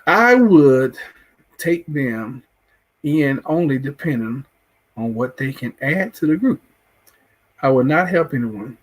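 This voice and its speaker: A man's voice: mid-range voice, lively intonation, slow pace, long pauses. A man with a Southern US accent hosting a casual live chat, rambling and restarting his phrases as he reacts to viewers. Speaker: livestream show host.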